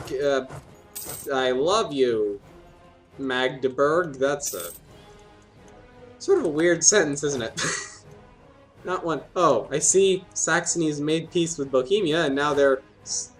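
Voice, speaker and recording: A man's voice: on the high side, slow pace, faint music behind. A man giving rambling, playful commentary while playing a strategy game, talking to himself and laughing at his own jokes. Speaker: gaming video host.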